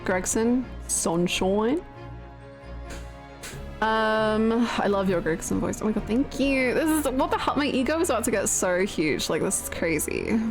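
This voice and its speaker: A young British woman hosting a casual game stream, reading viewer comments in giggly, bashful, animated bursts. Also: fairly high pitch, a little slow, faint music behind. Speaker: livestream host.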